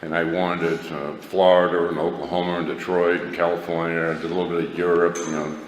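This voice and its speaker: A man's voice: sits low, flat delivery, fast talker. A middle-aged man telling a rambling, self-mocking personal story to a recovery meeting, laughing at himself. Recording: echoey hall, faint background noise.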